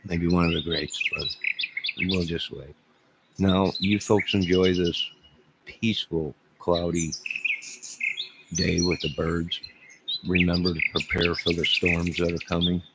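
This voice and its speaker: In a low, level voice, a middle-aged man runs a live stream at a measured pace, pausing often as he rambles, jokes, and replies to his chat. Loud birdsong fills the very noisy recording.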